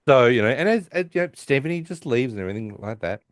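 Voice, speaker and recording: A man with a lively, swooping delivery hosts a casual recap podcast, slipping into quick voiced quotes as he retells each scene. The sound is dry and close. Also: mid-range voice, no room sound. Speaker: podcast host.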